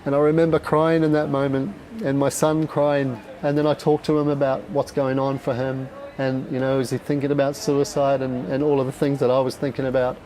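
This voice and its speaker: A middle-aged man with an Australian accent, giving a raw, candid personal talk at a dinner event, swearing often and pausing with fillers. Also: medium pitch, level tone, warm tone, a little hiss or hum, low-quality recording.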